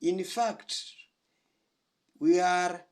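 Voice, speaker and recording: Guy doing reaction commentary, kinda high voice, earnest, lots of uh and um. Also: very slow. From Africa. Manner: earnest, hesitant with fillers. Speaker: reaction channel host.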